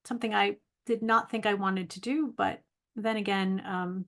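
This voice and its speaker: A woman's voice: medium pitch, steady tone, normal speed, creaky, fairly bright tone. Chatty middle-aged woman vlogging. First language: English. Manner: chatty, self-deprecating, frequent ums. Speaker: video diary host. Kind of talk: casual vlog monologue.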